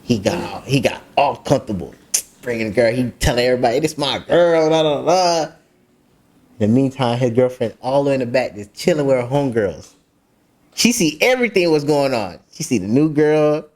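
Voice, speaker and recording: A man's voice: medium pitch, a little fast. A man, a podcast co-host telling a story in casual chat, laughing and acting out the people in it. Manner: animated, laughing, acts out voices in the story.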